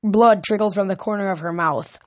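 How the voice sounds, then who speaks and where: A woman's voice: medium pitch, a little fast, a little mellow. A woman reading a novel aloud, now and then stumbling and restarting a word. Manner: reads with small slips and restarts. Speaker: audiobook reader.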